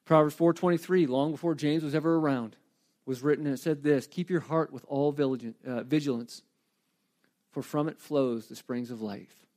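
A middle-aged man preaching a sermon in a conversational, animated way, with asides and light humor. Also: a little high, normal speed. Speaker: pastor.

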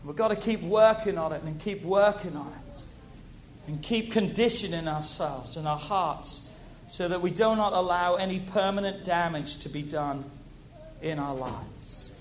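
A man preaching a sermon to a congregation, animated, repeating key phrases and asking the audience questions. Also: high-pitched, measured pace, a little hiss or hum.

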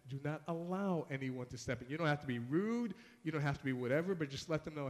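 A man preaching a sermon in a casual, conversational way, slipping into the voices of the people in the story. His voice sits a little high for a man. A long hall reverb trails behind his words. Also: animated, fast, hardly any pauses. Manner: conversational preaching with casual asides, acting out voices of biblical figures. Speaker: pastor.

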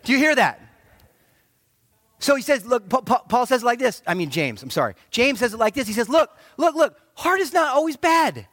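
Lively high-voiced male pastor preaching. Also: fairly quick, hardly any pauses, no room sound, studio quality. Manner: animated, joking preacher who acts out quotes. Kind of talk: sermon.

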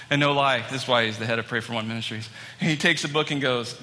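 A man preaching a storytelling sermon to a congregation, acting out the people in his stories with growing excitement. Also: mid-range voice, fast talker, hardly any pauses, slight background noise. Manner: animated, acts out quoted people, rising excitement. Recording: long hall reverb, faint ambience.

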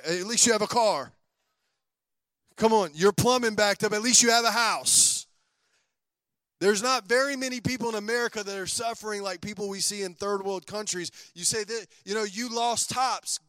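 A male pastor preaching a lively sermon, calling on his congregation to repeat lines after him. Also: high-pitched, no room sound.

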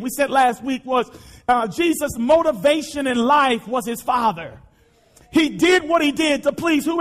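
High-pitched preacher man shouting. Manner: impassioned, often shouting, repetitive exhortations. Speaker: pastor. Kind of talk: sermon.

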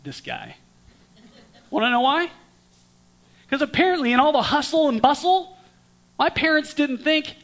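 A man preaching a storytelling sermon in a conversational way, with dramatic swings from lively to hushed. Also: very high-pitched, a little slow, long pauses, a little hiss or hum. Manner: conversational with restarts.

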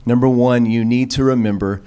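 A middle-aged pastor preaches a sermon quickly in a clear, resonant voice. He's animated, telling stories full of fillers and restarts, and acts out the people he quotes with sudden upward jumps in pitch.

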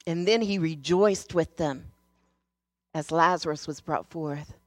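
A woman giving a sermon in an earnest, storytelling way, moving between hushed passages and emphatic ones. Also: sits low, a little slow, no room sound, studio quality. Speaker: speaker sharing a devotional message.

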